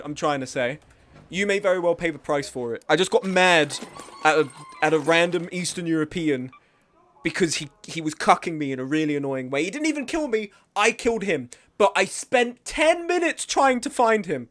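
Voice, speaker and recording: A man's voice: high voice, normal speed, a bit bright. A man streaming a video game, ranting in an exasperated, self-mocking way about other players and his own bad luck. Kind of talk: casual gaming stream chat.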